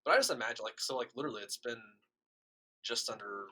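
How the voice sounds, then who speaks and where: A chatty man with a Midwestern American accent runs through a casual podcast chat and keeps piling on fillers. His bright voice swings up and down with a lot of life. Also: mid-range voice, lively intonation, quick pace. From Kansas City area, USA. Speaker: podcast co-host.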